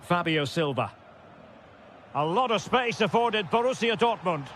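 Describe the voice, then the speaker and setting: Expressive and unhurried, a man with a high-sitting voice records play-by-play for a football video game, crisply calling players and rising to shouted goals. A little hiss or hum can be heard.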